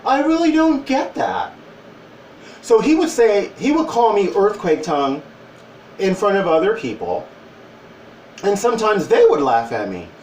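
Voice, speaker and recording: A man in his forties telling a personal story to camera in a wry, animated way. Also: high voice, measured pace, pauses often, slight background noise. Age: 40s. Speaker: vlogger. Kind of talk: casual storytelling. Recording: roomy, distant from the mic.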